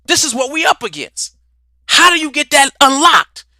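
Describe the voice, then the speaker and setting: Preacherly man with a bright, close voice. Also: very high-pitched, sing-song, moderate pace, no echo. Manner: preacherly, rhetorical questions, repeats words, swings from loud to quiet. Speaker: host. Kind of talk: livestream talk on spirituality and culture.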